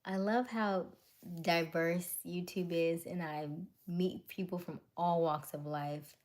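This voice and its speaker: A woman's voice: on the low side, steady tone, slow pace, darkish tone. A woman hosting a casual livestream, chatting with viewers and answering their comments, often laughing. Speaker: livestream host. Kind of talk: casual live chat with viewers.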